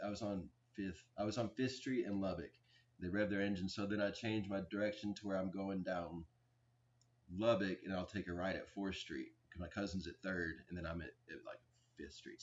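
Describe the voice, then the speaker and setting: Halting, agitated man, lo-fi recording. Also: fairly low pitch. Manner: halting, with frequent restarts and fillers. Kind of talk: rambling personal account to camera. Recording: dull lo-fi recording.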